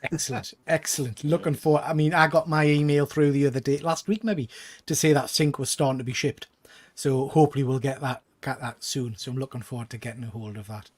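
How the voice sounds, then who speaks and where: A man's voice: mid-range voice, brisk. A Geordie man hosting a casual chat over a video call, jokey and chatty. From North East England. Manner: jokey, chatty, with restarts and laughs. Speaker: host.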